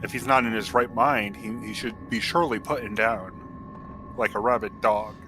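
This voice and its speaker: Zealous adventurer, formal and sure of himself, lowish voice, played by a man. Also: fairly even intonation, moderate pace, natural voice, low-quality recording. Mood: righteous. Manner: formal, self-assured, righteous. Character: earnest zealous male adventurer. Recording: music in background.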